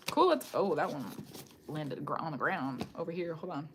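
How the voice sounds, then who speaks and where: A woman giving a live-streamed psychic reading from a room at home, talking straight to the viewer in a loose, rambling, animated way. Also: sits low, moderate pace, noisy background. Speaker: tarot reader.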